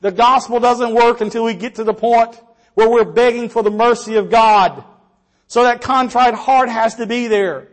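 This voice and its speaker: A man preaching a sermon earnestly, with rhetorical questions and quiet trailing endings. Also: very high voice, moderate pace.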